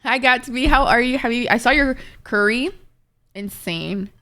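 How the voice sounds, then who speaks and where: A young woman on a livestream, talking with her chat in a loose, expressive way and cursing without a second thought. Her voice sits a little on the high side. She rambles and thanks viewers as she goes. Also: fairly quick. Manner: chatty and expressive, swears freely, many fillers. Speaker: Twitch streamer.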